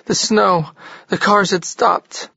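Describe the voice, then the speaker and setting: A man voicing a frightened young wife, breathless and trembling, in a raised pitch. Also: fairly even intonation, slow pace, vocal fry, pushed and bright, dry recording, lo-fi sound, exaggerated voice. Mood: frightened, sobbing.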